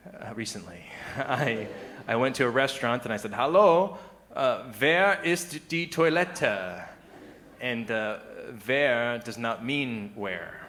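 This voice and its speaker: A man's voice: medium pitch, fairly bright tone, a little hiss or hum. Man doing stand-up comedy. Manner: conversational, chuckles at his own lines, mock voices for quoted people. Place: live comedy venue with audience.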